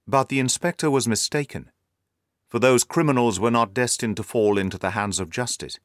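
A man narrating a story in a measured, scripted style. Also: medium pitch, no echo, studio quality.

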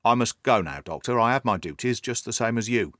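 A man reading the part of a dutiful male railway porter, speaking in a hushed, businesslike way. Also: medium pitch, lively intonation, a little fast, dry recording, studio quality, lightly acted.

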